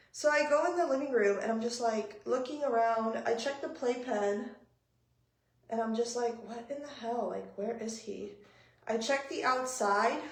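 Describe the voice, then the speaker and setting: A young woman with a fairly high voice tells a story to her live-stream viewers, swearing often and rushing breathlessly through it. Her voice rings in a roomy, echoing space. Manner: animated, profane, breathless retelling. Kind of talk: casual storytelling. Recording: roomy echo.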